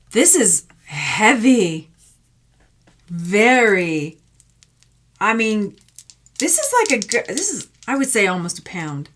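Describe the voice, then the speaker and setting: A woman's voice: mid-range voice, a bit bright. A woman from Texas, a thrift jewelry reseller, chatting playfully through an unboxing vlog with jokey asides and silly sound effects.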